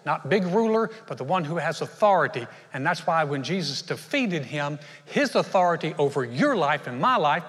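Pastor guy preaching, kinda high voice, acts out little voices, big echoey church hall. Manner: animated, acts out short voices in his stories. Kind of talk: sermon.

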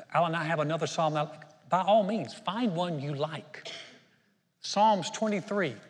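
An older man, a pastor, preaches a sermon to his congregation in an auditorium, with a long reverb tail trailing his words. His voice sits a little high, and his delivery is earnest and conversational, with frequent restarts.

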